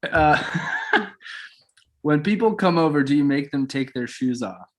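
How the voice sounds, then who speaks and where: A man's voice: on the high side, lively intonation. A man hosting a podcast, asking questions in a playful, joking way. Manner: jokey, playful, quick to laugh. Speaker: podcast host. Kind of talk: casual chat.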